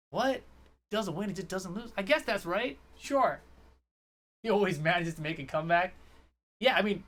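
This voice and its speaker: A man commentating a fighting game tournament on a live stream, talking fast in a rambling, jokey way and chatting to viewers. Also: high-pitched, fairly bright tone. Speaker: esports commentator.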